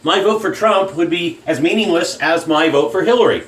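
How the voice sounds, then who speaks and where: A man's voice: fairly high pitch, normal speed, a bit bright. A man delivering a heated, profane rant in a shaving vlog. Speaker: shaving vlogger. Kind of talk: angry political rant. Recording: echoey room.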